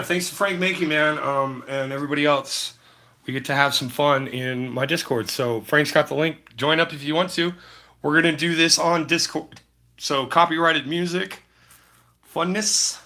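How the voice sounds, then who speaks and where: This man, a painter from Utah, chats casually with his livestream audience while he works, relaxed and heavy on slang. His voice sits fairly high and has a sharp edge.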